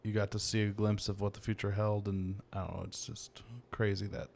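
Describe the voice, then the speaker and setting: A man's voice: fairly low pitch, little pitch movement, brisk, gravelly, darkish tone, slight background noise. A man hosting a podcast, chiming in with short reactions and follow-up questions. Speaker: podcast host. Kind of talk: casual chat.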